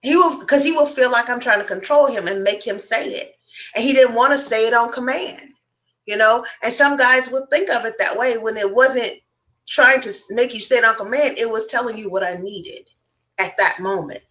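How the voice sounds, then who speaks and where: A woman's voice: fairly high pitch, normal speed, pushed and bright, poor audio. A woman speaking as a guest on a casual round-table chat, frank and reflective, talking at length.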